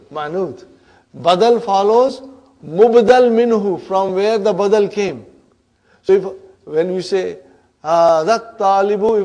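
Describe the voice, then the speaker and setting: A man with a fairly high voice teaches Arabic grammar to a class at an unhurried pace. He works through each term step by step and repeats his points. He often stops to ask "huh?" or "are you with me, brothers and sisters?". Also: darkish tone. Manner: checks understanding with frequent "huh?" and "brothers and sisters". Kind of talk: classroom lecture.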